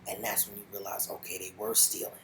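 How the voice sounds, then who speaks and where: A man's voice: on the low side, fast talker, a little hiss or hum, rough recording. Slangy, rambling male show reviewer. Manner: animated, slangy, rambling storytelling. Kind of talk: casual spoken review.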